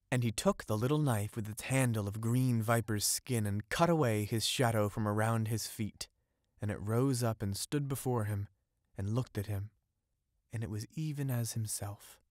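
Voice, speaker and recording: A man narrates a classic fairy tale in a low, steady voice. His reading is measured and formal. The recording is close and dry, with no room sound. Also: no echo. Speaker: audiobook narrator. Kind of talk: scripted storybook narration.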